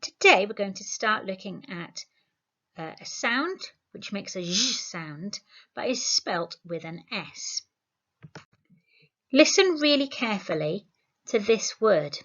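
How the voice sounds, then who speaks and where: A woman, teaching a spelling lesson to young children, slowly sounding words out syllable by syllable. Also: mid-range voice, very animated, a bit bright, highs cut off. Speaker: primary school teacher.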